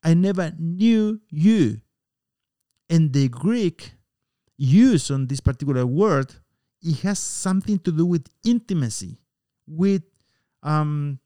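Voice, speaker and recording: A man preaching a sermon in an earnest, emphatic way, pausing often and sometimes using fillers. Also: a little high, lively intonation, dark tone, no room sound.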